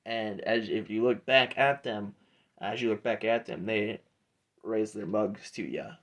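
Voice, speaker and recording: A man's voice: on the low side, unhurried. A man narrating a tabletop game as game master, casual and rambling.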